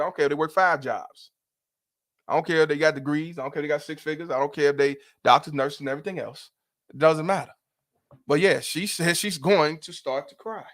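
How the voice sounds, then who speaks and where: A middle-aged man with a somewhat high-pitched voice, hosting a live commentary stream. He talks bluntly and emphatically, swearing freely as he presses his points. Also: a bit bright. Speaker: host. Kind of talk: livestream commentary rant.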